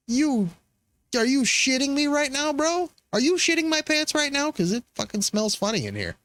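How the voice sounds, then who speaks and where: A man rants as he reacts to clips, swearing and sneering, tripping over his own words. His pitch leaps up and down all the time, and the sound is close and dry. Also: huge pitch swings, a little fast, a bit bright, no echo. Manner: profane, sarcastic, rambling with many restarts. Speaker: host reacting to political clips. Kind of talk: profane ranting commentary.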